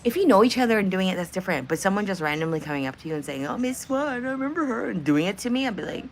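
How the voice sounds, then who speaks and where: Woman, livestream host, casual chat, foul-mouthed, low voice, animated swings in pitch. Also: very fast, a little hiss or hum. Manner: blunt and profane, laughs often; banters with chat viewers. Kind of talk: casual live-stream chat.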